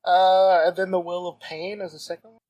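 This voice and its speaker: Rambling man co-host, slightly high. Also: little pitch movement, a little fast, a little mellow, dull audio. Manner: rambling, with many fillers. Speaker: podcast co-host. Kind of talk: casual chat.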